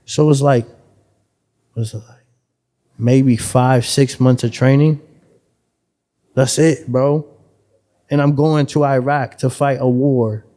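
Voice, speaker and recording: A man from Buffalo tells his stories in a loose, profane, streetwise way, animated and full of asides. His voice sits at an average pitch for a man. He sounds like a guest in an easygoing podcast conversation. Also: slow, pauses often. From Buffalo, New York. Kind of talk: casual storytelling chat.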